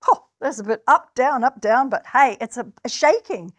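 A woman's voice: a little high, lively intonation, moderate pace, fairly bright tone. A woman from New Zealand preaching a sermon, earnest, and building to emphatic, stirring passages. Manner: earnest, rises to emphatic exclamations.

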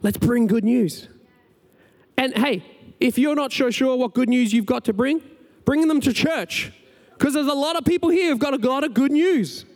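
High-voiced pastor preaching. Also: male voice, normal speed. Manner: energetic, conversational preaching. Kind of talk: sermon. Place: church sanctuary. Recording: large hall with long reverb, faint music.

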